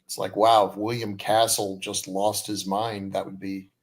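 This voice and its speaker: Podcast co-host, male, lowish pitch, wry and opinionated, loose conversational delivery. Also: flat delivery. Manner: wry, opinionated, halting restarts. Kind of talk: casual film review chat.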